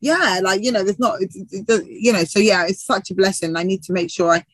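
A woman's voice: mid-range voice, fairly quick, dry recording, low-quality recording. A woman TV presenter and actor from the UK, chatting in an interview with frequent laughs and restarts. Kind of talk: casual interview chat.

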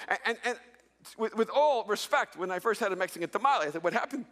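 A man from El Salvador preaching a sermon as a pastor, telling funny stories in an animated way. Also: high voice, fast, long reverb tail, background noise. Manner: animated storytelling with jokes.

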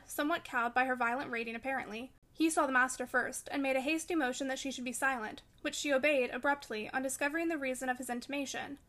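A woman narrating a classic novel in an audiobook, in a measured, expressive storytelling manner. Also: high-pitched.

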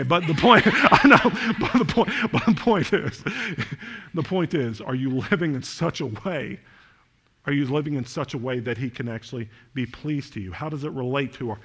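A man preaching a sermon to a church congregation, asking them questions and swinging from loud, fervent passages to soft, quiet ones. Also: mid-range voice, husky. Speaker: pastor.

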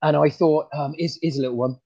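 A man voicing a bumbling rural farmer comedian with a rural English accent, talking in a halting, stammering, folksy way. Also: on the high side, fairly even intonation, dark tone. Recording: dull lo-fi sound.

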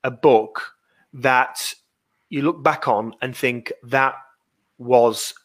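A man at a mid pitch who hosts a casual business podcast. He talks in a hesitant, stop-start way, repeating words as he gathers his thoughts. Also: drawn-out words. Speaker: podcast host, business owner. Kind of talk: casual interview chat.

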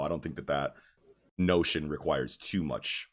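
A man in casual group chat, laid-back, trailing off quietly and often checking that others follow. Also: a bass voice, a little slow. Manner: laid-back, trails off quietly, many "you know what I mean".

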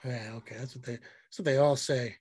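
A man's voice: medium pitch, fairly even intonation, fairly quick, a little mellow, slightly rough, dry recording. A man co-hosting a podcast, telling a rambling, profane story in casual chat. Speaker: podcast co-host.

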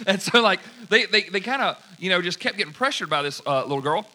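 A man preaching a sermon, telling a story in an animated way and acting out the people in it. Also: sits high, quick pace, few pauses. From United States. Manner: animated, acts out quoted dialogue. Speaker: pastor.

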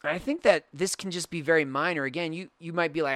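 A man's voice: on the high side, quick pace, hardly any pauses, fairly bright tone, no room sound. A young man hosting a podcast, talking earnestly in a reflective monologue that rambles with restarts. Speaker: podcast host.

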